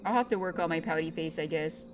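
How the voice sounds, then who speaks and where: Playful young woman streamer chatting. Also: low-pitched. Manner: playful and chatty, talks to viewers by name. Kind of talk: casual live-stream chat with chat.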